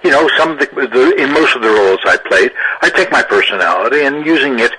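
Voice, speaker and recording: An older man, an actor, telling lively anecdotes in an interview, often laughing and restarting his sentences. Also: medium pitch, fast talker, slightly rough, low-quality recording. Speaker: actor guest. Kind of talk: interview storytelling.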